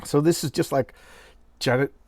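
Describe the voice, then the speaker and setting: A man's voice: a little high, steady tone, moderate pace, no room sound. A middle-aged man casually talking through an old comic book, acting out dialogue in little bursts and correcting himself as he goes. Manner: chatty, acts out comic dialogue in bits, self-correcting. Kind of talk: casual show-and-tell chat.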